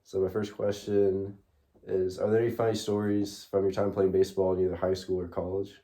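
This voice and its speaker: A man's voice: deep voice, little pitch movement, brisk, dark tone. A young man interviewing his father, asking questions hesitantly with short fillers. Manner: hesitant, fills gaps with uh and short replies. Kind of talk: casual interview.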